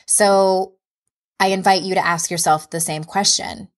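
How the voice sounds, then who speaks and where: A woman's voice: medium pitch, fairly even intonation, a little slow. A woman in her thirties, a life coach hosting her podcast, talking candidly and encouragingly about her own experience. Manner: candid, self-reflective, encouraging. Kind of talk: solo podcast monologue.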